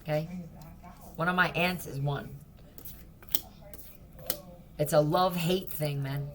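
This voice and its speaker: A woman's voice: sits low, steady tone, takes it slowly, a bit bright, a little hiss or hum. A woman giving a casual tarot reading, blunt, profane and mocking. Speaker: tarot reader.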